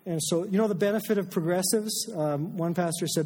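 A man's voice: sits high, fairly quick, dark tone, in a large hall. A middle-aged man preaching a sermon as a pastor, conversational and self-deprecating, with frequent fillers and restarts.

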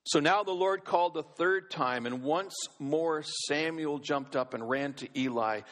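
A man's voice: a little high, a little slow, a bit bright. A man preaching a sermon as a pastor, speaking emphatically and asking his congregation questions, in a large church. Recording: long reverb of a large hall.

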